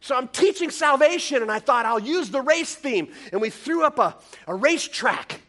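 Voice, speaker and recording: A male pastor with a bright, high voice delivers a sermon in an animated, self-deprecating way. He tells stories and breaks into squeaky comic quotes, and his tone swings between playful and earnest. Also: moderate pace. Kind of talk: sermon with storytelling.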